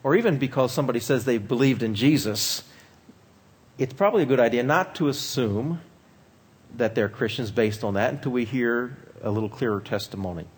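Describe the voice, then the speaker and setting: Husky-voiced pastor, measured teaching talk. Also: male voice, medium pitch. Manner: measured, unhurried, with frequent pauses and fillers.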